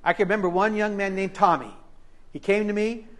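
A middle-aged man preaching a sermon to a church congregation, impassioned, swinging between loud declarations and hushed asides, acting out the voices he quotes. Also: sits high, brisk. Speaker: pastor. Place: church service.

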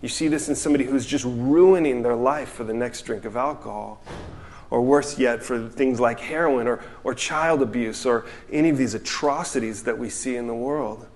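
Male preacher, mid-pitched voice, earnest and reflective delivery with quiet asides. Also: moderate pace. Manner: earnest, reflective, reads quotes aloud, drops to soft asides. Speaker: pastor. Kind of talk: sermon.

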